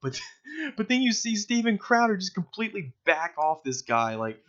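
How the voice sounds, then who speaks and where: A man's voice: high-pitched, big pitch swings, moderate pace, over loud music. A young man giving casual, sarcastic video commentary, mocking his target with lots of fillers. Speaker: political commentator. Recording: dull lo-fi recording.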